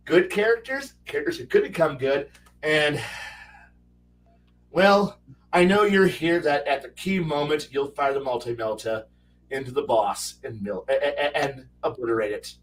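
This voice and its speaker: A man's voice: fairly high pitch, very animated, normal speed, distant mic, low-quality recording. A man with a raised voice who rambles animatedly through a casual gaming panel, often restarting his sentences. He sounds set back from the mic, with a faint hum. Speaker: panel guest.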